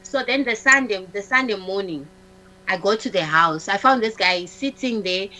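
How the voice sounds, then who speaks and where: A woman, a talk-show guest, telling a personal story in a halting way, restarting often, repeating words and acting out what others said. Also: mid-range voice, expressive, pushed and bright, a little hiss or hum, low-quality recording. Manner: acts out the dialogue of others in her story.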